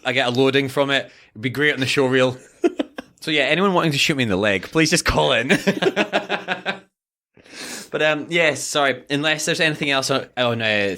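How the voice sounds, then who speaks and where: A young man hosting a casual podcast chat, candid and quick to laugh, with the odd swear word. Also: medium pitch, sharp tone. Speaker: podcast host.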